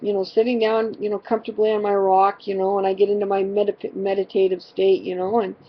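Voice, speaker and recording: A woman's voice: medium pitch, little pitch movement, quick pace. Woman, mother, casual storytelling, rambling, lots of fillers, dramatic, lo-fi muffled recording. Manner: rambling, fills with constant "you know"; dramatic, exasperated retelling. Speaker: mother telling a family story.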